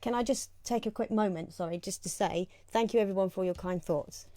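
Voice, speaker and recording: A woman co-hosting a show, reading a children's rhyming picture book aloud in a lively, giggly sing-song way on a lapel mic. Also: mid-range voice, a little fast, no room sound. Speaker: co-host and reader.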